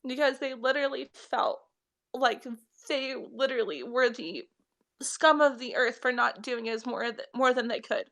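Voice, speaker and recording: Young woman reader talking to her live viewers, tearful and heartfelt, voice sits pretty high. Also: normal speed, fairly bright tone. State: crying. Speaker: spiritual reader. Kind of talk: live-stream talk to viewers.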